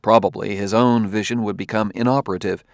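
A man reading a novel aloud as audiobook narrator, in a measured, steady way. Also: fairly low pitch, vocal fry, no echo, studio quality. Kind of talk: scripted narration.

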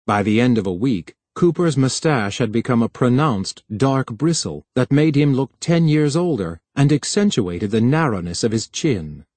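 Brief: male audiobook narrator, measured and even, dry close recording. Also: mid-range voice, no room sound.

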